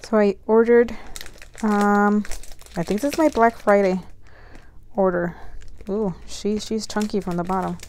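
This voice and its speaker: A young adult woman vlogger chatting casually as she unboxes mail, gushing and excitable with frequent gasps. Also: medium pitch, measured pace, pauses often, a little hiss or hum.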